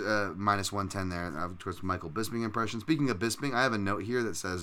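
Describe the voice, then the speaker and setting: Profane, rambling man with a bright edge. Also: fairly low pitch, a little fast, hardly any pauses, smooth. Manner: profane, rambling, self-mocking. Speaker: host of a fight betting podcast. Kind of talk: casual chat.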